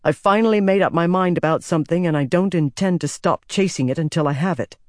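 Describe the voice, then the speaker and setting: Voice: mid-range voice, quick pace, a little mellow, dry recording, studio quality, close to an everyday voice. A narrator playing a stubborn young prince. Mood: insistent. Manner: stubborn, insistent.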